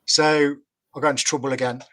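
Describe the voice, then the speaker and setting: Bright-voiced English man telling a story. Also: mid-range voice, level tone, a little fast. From England. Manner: rambling, laughs at his own story. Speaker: guest storyteller. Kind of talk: casual storytelling on a live call.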